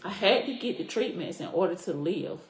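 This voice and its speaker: A middle-aged woman with a very low, deep voice tells her own story as a podcast guest. She speaks earnestly and from the heart, repeating key phrases for weight. The sound has a noticeable echo from the room. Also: animated, fairly quick, a loud crowd. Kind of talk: personal story in a podcast interview. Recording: echoey room.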